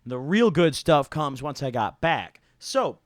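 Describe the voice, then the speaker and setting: A man's voice: a little high, very animated, measured pace, no echo, studio quality. A young man telling a rambling, slang-heavy story to his viewers, full of "like" and "dude" and casual swearing. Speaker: YouTuber.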